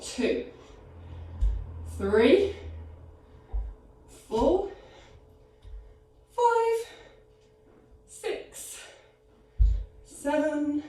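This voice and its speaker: A woman's voice: high voice, a little mellow. A woman leading a live online pilates class, counting reps aloud with upbeat cues, out of breath. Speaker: pilates instructor. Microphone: video call. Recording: echoey room, distant from mic.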